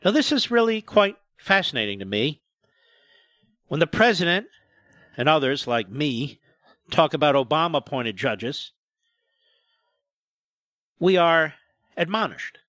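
Emphatic, sarcastic talk radio host. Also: male voice, on the high side, very animated, unhurried, long pauses, a bit bright, no echo, clean studio sound. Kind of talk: political commentary.

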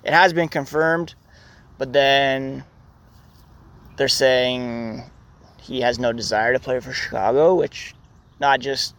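A podcast host in casual chat, talking in a relaxed, rambling way about sports news. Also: mid-range voice, takes it slowly, long pauses. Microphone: studio microphone.

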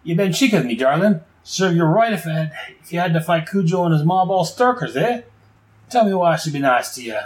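A man reading comic lines as a cowardly male crook, his voice pitched well above his own. He whines and pleads, cheeky and boastful by turns. The voice swings about and rises loudly on the excuses. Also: expressive, brisk, natural voice. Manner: whiny, pleading, higher-pitched. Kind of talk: reading comic dialogue aloud.

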